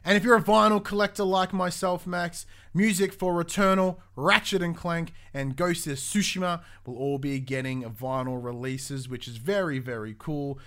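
A young adult man, co-hosting a casual gaming news podcast in an animated, swearing, restart-filled way. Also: mid-range voice. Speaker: podcast co-host.

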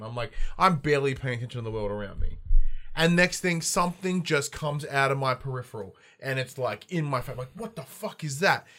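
An Australian man hosting a podcast from a home studio, telling stories in a casual, animated way and swearing freely. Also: mid-range voice. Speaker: podcast host. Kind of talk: casual chat. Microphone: headphones and studio mic.

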